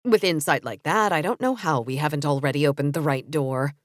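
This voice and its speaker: A woman's voice: deep voice, brisk, no echo, pitched below the performer's own voice, close to an everyday voice. A woman narrator voicing a sarcastic, bossy female mentor in a storybook reading, in a dry, cutting tone.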